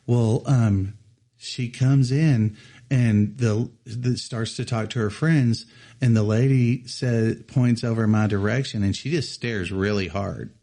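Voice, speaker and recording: A man in his thirties telling a personal story in casual chat, animated and often laughing as he acts out other people's lines. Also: mid-range voice, slow. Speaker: podcast co-host telling a story.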